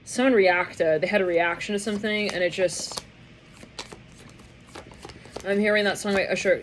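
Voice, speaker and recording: A woman's voice: mid-range voice, normal speed, pauses often, slight background noise, poor audio. A woman doing a casual, rambling tarot reading with lots of filler words, often acting out the people she imagines. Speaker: tarot reader.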